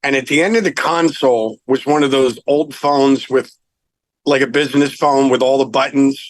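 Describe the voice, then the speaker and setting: A middle-aged man, a rock singer, telling anecdotes in a casual interview, animated and laughing now and then. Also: mid-range voice, moderate pace, no echo, poor audio.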